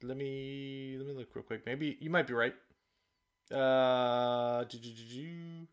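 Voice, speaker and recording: A man's voice: medium pitch, slow, clean tone. A man hosting a sports podcast, easygoing, steering the segments in casual chat and laughing often. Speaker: podcast host.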